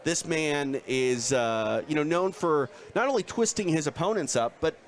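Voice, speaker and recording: A man co-hosting a live fight preview show, chatting in an animated way with lots of fillers. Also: fairly high pitch, normal speed. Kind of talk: live sports talk.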